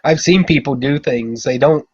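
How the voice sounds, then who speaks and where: Man, blunt and opinionated, mid-pitched voice, muffled lo-fi audio. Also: moderate pace, crowd noise. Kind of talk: casual podcast chat.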